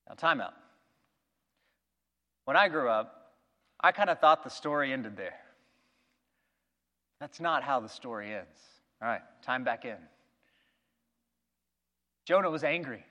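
A male preacher with a high-pitched voice retells a Bible story with lively energy, acting out the quotes. A long reverb from a large hall hangs on his words.

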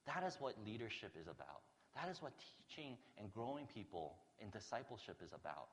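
A man's voice: lowish voice, sing-song, fairly quick, fairly bright tone, big-room sound. A man preaching a sermon to his congregation in an earnest, conversational way. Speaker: pastor.

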